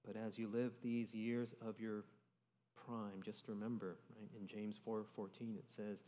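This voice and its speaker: A man's voice: on the low side, flat delivery, measured pace, dark tone. A young man preaching a sermon in a conversational way, often checking in with "right?" as he reads and explains scripture. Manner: conversational, keeps adding "right?". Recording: long reverb of a large hall.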